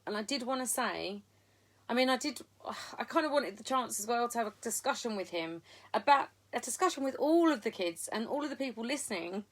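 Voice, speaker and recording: A middle-aged woman, telling a personal story on a live video diary in a frank, sweary, rambling way full of ums. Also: mid-range voice. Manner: frank and sweary, talks in loose run-on sentences with many ums. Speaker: video diarist. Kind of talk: candid live-stream storytelling.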